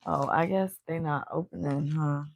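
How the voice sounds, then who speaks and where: A woman's voice: sits low, fairly even intonation, normal speed, vocal fry, a little mellow, no echo. A woman chatting casually on a stream while reading a book aloud, blunt and joking, swearing freely, on a handheld mic at home. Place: indoors at home.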